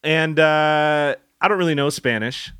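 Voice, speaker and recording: A man's voice: a little high, measured pace, a bit bright, clean tone, no echo, clean studio sound. A man co-hosting a podcast, goofy and rambling, laughing often as he chats casually. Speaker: podcast co-host.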